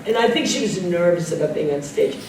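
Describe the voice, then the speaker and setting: An older actress telling lively backstage stories as an interview guest, laughing often and mimicking others. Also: female voice, on the low side, fairly quick. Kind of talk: anecdotal storytelling Q&A. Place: club room with live audience. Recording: echoey room, distant mic, background noise.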